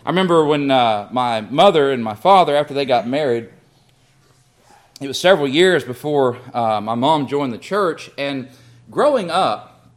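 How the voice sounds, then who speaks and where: A man's voice: mid-range voice, animated, normal speed. A middle-aged man preaching a sermon, building emphasis and acting out quoted prayers.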